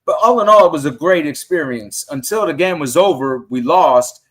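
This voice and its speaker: A middle-aged man with a slightly high voice tells stories on a casual podcast. He jumps into quoted lines and voices the people he talks about. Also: moderate pace. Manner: animated storyteller acting out quotes. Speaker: guest fan.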